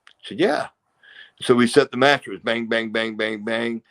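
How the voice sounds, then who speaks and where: A middle-aged man talks through long, rambling stories in a relaxed interview. He acts out what others said and drops in punchy sound effects. His voice sits at an ordinary middle pitch. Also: moderate pace. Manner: rambling, acts out quotes and crowd noises. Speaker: interview guest, former pro wrestler. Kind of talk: casual storytelling interview.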